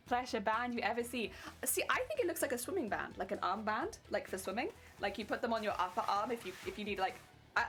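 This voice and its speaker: A woman's voice: fairly high pitch, a bit bright. Giggly English woman streamer. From England. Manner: chatty, giggly, rambling with many fillers. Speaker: cosplay streamer. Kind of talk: casual live-stream chat while crafting.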